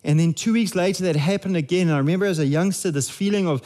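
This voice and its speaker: A man's voice: high-pitched, fast talker, warm tone. A man, preaching a sermon in a conversational, jokey way with frequent restarts. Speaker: pastor.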